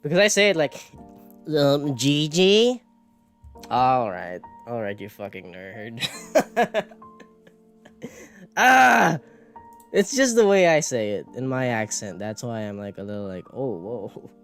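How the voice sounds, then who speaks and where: A medium-pitched man with a clean, very animated voice speaks at a measured pace with long pauses. As a streamer and animator, he draws while chatting casually, rambling, ribbing himself, and frequently cursing and laughing. Soft music runs underneath.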